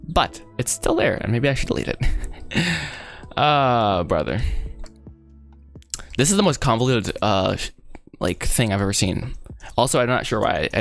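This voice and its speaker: A man's voice: on the low side, gravelly. A young man rambling casually and laughing often while he works on a 3D model and chats with viewers. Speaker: 3D artist streaming his work. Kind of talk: casual live chat while working.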